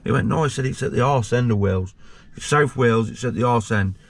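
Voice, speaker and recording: A man's voice: medium pitch, fast talker. A man, a former prisoner telling his story casually as an interview guest, blunt and sweary, acting out the voices in his story. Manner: blunt and sweary, acts out quoted dialogue.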